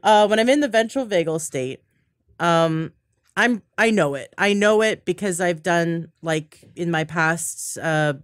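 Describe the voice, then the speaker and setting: A woman's voice: fairly low pitch, measured pace, clear, resonant tone, no echo. Woman podcast host, middle-aged, eager and stumbling, slight foreign vowels, dry close mic. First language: not from the States, accent shows on some words. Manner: enthusiastic, restarts often, stammers. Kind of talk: casual interview chat.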